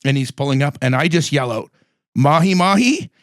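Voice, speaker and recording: A man hosting a casual chat, telling animated anecdotes and acting out the lines he quotes. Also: medium pitch, quick pace, no echo, clean studio sound. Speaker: podcast host.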